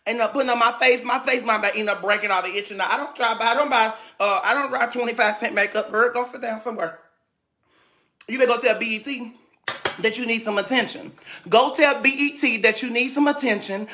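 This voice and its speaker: A man's voice: very high voice, a little fast, pushed and bright. A man from St. Louis ranting dramatically on a livestream, sassy and repetitive, often stumbling over his words. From St. Louis, USA. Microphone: phone.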